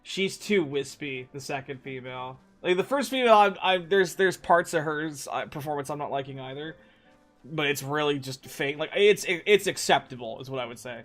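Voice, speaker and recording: A man's voice: a little high, animated, normal speed, a bit bright, faint music behind. A young man streaming a game, chatting casually in a rambling, profane way with frequent restarts. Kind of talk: casual gaming stream chat.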